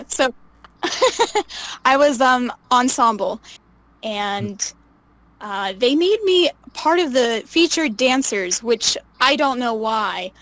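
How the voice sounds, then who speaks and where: Lively young woman telling stories. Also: on the high side, drawn-out words, pauses often, no echo, low-quality recording. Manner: animated, laughs often, acts out quoted voices. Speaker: interview guest. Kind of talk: casual storytelling.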